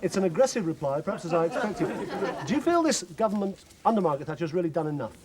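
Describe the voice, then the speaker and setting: A man presenting a spoof current-affairs interview in a pompous, deadpan newsreader tone. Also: high voice, racing, crowd noise.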